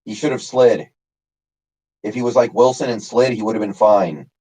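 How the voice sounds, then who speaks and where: A man's voice: fairly low pitch, moderate pace, mellow, breathy edge, rough recording. A man casually chatting on his live stream, answering chat by name with lots of fillers. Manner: rambling, reads chat names, many fillers.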